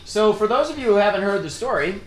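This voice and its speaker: A man's voice: high voice, animated, quick pace. A man hosting a livestream in casual chat, rambling and stammering as he tells a story. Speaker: livestream host. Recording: roomy echo, faint music.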